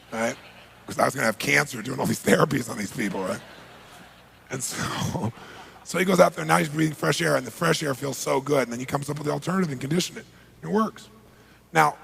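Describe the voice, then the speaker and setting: A man giving a live seminar as a motivational speaker. He tells stories in a raspy voice and shouts animatedly when he reenacts scenes. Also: mid-range voice, slight background noise. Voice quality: raspy, gravelly.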